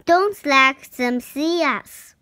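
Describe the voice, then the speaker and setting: A child reader voicing an urgent young boy king in a storybook, read slowly and pitching up on the shouted lines. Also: exaggerated voice.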